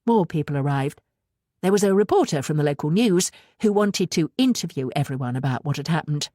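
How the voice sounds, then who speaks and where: Low-voiced woman reading an audiobook. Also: lively intonation, fairly quick, mellow, no room sound, studio quality. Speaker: audiobook narrator. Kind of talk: scripted narration.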